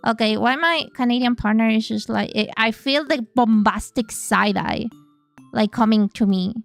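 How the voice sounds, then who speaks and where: A woman's voice: fairly high pitch, moderate pace, gravelly, soft background music. A woman streamer who speaks natively, chatting casually and playfully on a live stream, swearing freely as she goes.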